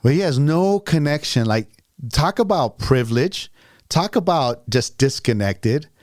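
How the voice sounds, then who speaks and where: Man, 40s, podcast host, relaxed, joking, mid pitch, dry sound. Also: a little slow, dry recording. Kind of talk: casual podcast chat.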